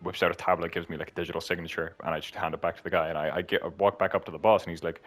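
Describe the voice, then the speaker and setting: A man's voice: low-pitched, level tone, rapid-fire, a bit bright. A young man telling rambling joke stories in casual chat with friends, full of fillers. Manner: rambling, filler-heavy storytelling with laughs.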